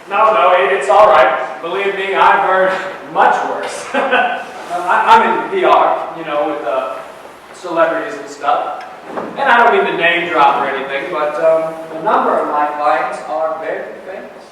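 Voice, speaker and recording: A man's voice: on the high side, measured pace, pushed and bright, a little hiss or hum. An eager, name-dropping PR man, played by a young actor, who chatters to please, in a slightly raised voice. He is heard from a distance in a big, echoing auditorium. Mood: chatty. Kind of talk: high school stage play. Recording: distant stage in echoey auditorium.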